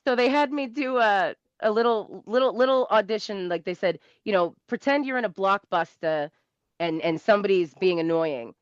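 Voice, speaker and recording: A woman in her thirties with a thick South Shore Massachusetts accent tells stories as a comedy guest, rambling and laughing often. She speaks in an animated, casual way. The recording sounds dull and lo-fi, with a dry, close sound. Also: medium pitch, normal speed, clear, resonant tone, dry recording. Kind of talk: casual storytelling interview.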